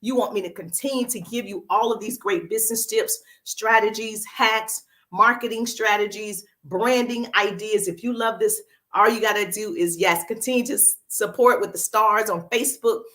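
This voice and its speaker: A woman with a Southern US accent, working as a social media business coach, hosts a casual livestream, upbeat and greeting viewers by name with a cough drop in her mouth. Her voice is medium-pitched, a bit bright, and at normal speed.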